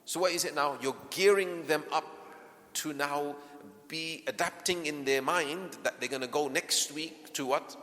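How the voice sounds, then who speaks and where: A man's voice: a little high, normal speed. A man giving a parenting workshop in a mosque hall, often asking his audience rhetorical questions. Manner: softens into gentle acted lines to a child. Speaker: workshop speaker. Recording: long hall reverb.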